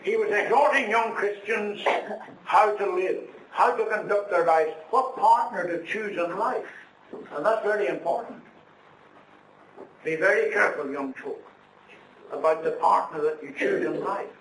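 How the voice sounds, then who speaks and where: A man's voice: sits high, unhurried, a bit bright. A middle-aged man preaching a sermon, telling his own story earnestly with preacherly emphasis. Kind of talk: sermon testimony. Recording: echoey room, distant mic, faint noise.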